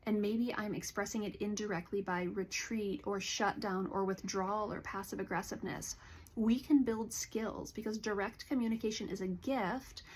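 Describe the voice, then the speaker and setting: Calm, earnest woman counselor. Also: mid-range voice, normal speed, a little hiss or hum. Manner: calm, earnest, gently explaining. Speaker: licensed counselor. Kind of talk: educational talk to camera.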